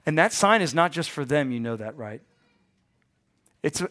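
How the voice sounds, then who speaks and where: A man in his forties, hoarse from a bout of bronchitis, preaches to his congregation. He mixes playful asides with loud, emphatic peaks. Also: a little high, very animated, moderate pace, pauses often. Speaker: pastor. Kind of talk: sermon.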